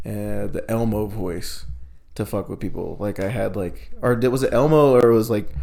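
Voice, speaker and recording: A man's voice: on the low side, normal speed, vocal fry, dark tone. A young man co-hosting a podcast, chatting casually and telling stories with lots of laughter and fillers. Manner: laughing storyteller, filler-heavy. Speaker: podcast co-host. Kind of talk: casual chat.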